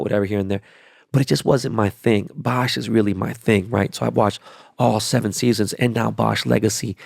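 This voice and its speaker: A man's voice: fairly low pitch, creaky, no room sound, clean studio sound. A man hosting his own podcast, talking alone in a rambling, profane and emphatic way about movies, shows and football. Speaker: podcast host. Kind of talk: casual solo podcast monologue.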